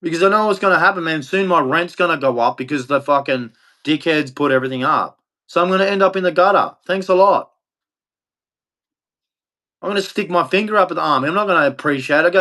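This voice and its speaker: A man with an Australian accent rants to the camera in a bitter, profane monologue. He circles back over the same complaints and curses freely. His voice sits a little higher than most men's. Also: fast, sharp tone. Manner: bitter, profane, repeats himself. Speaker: vlogger. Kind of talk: angry ranting monologue.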